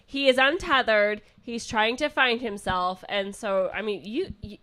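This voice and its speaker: Woman, podcast co-host, chatty, rambling, bright and slightly high. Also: unhurried. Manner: chatty, rambling, loose opinions. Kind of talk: casual comedy podcast talk.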